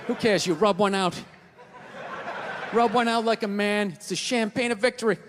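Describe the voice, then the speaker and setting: A man doing a stand-up comedy routine, ranting and swearing in loud bursts before a live audience. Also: high voice, normal speed, a crowd in the background, noisy background. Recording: live hall reverb with audience.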